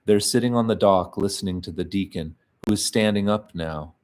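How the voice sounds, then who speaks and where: A man giving a measured, quiet reading of literary fiction in the first person, pausing often between short phrases. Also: on the low side. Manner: slow, measured, quiet delivery with frequent pauses.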